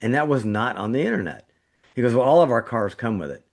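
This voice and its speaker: A middle-aged trauma surgeon co-hosting a podcast tells a story in casual chat. His mid-range, creaky voice moves fast with big pitch swings, jumping up whenever he gets indignant.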